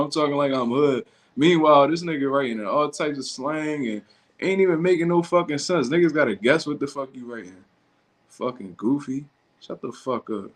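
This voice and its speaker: A man's voice: fairly high pitch, normal speed. Profane, blunt livestreaming man. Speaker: livestream host. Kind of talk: casual livestream chat reacting to comments.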